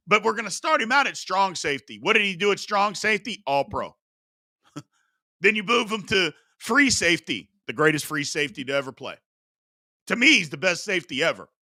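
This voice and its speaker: A man hosting a live-stream sports talk show, opinionated and animated, repeating his points for emphasis. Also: sits high, no room sound, studio quality.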